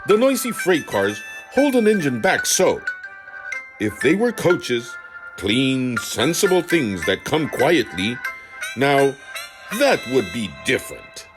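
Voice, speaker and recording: A man's voice: medium pitch, big pitch swings, takes it slowly, over music. A man voicing a big, proud, grumpy male steam engine in a toy-train storybook, grumbling and sulky.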